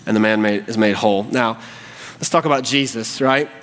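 A man's voice: on the low side, fairly quick, a bit bright. A male pastor preaching a sermon, impassioned and rising to fervent pleading. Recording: long hall reverb.

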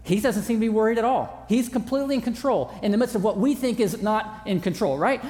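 A man's voice: sits high, fast talker, few pauses, a little mellow. A man preaching a sermon as pastor in a large church auditorium, conversational with self-deprecating humor. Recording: long hall reverb.

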